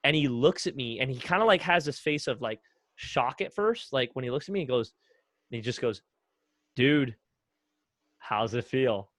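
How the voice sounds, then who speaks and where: A young man chatting on a podcast in an easygoing, rambling way, full of fillers and little re-enacted conversations. His voice sits at an ordinary pitch, and the sound is close and dry, with no room around it. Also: fairly quick, no room sound. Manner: relaxed storytelling with many fillers, acts out quotes. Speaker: guest, retired runner. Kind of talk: casual podcast chat.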